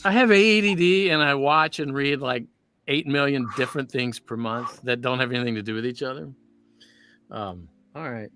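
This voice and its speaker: Bright-voiced chatty man. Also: mid-range voice, moderate pace, a little hiss or hum. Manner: chatty, jokey, rambling. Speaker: voice actor signing prints. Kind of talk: casual livestream chat.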